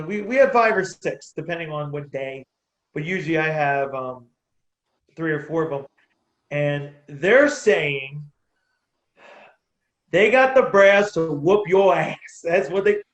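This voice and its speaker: A man with a slightly raised voice tells stories about coaching kids at his boxing gym. His talk is animated and full of laughs and restarts. The room around him rings with echo. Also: fairly high pitch. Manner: animated, laughs between anecdotes, restarts sentences. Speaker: amateur boxer and youth boxing coach. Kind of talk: casual interview storytelling. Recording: roomy echo.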